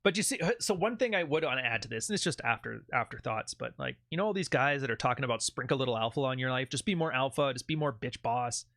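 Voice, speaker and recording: A man's voice: mid-range voice, expressive, fast, hardly any pauses, fairly bright tone, no room sound, studio quality. A man hosting a channel, giving blunt, profane advice in a casual monologue. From Canada. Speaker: channel host.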